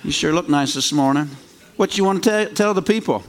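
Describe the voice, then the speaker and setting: A man leads a church service with an upbeat, encouraging manner. His voice sits a little high for a man. He laughs lightly between his phrases as he calls people up to speak. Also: fairly quick. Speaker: pastor.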